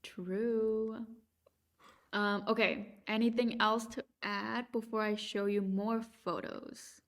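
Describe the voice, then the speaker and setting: A woman's voice: on the high side, flat delivery, slow pace. A woman hosting a podcast on a video call, chatting casually and hesitantly as she walks through her travel photos. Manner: hesitant, many fillers and restarts. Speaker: podcast host.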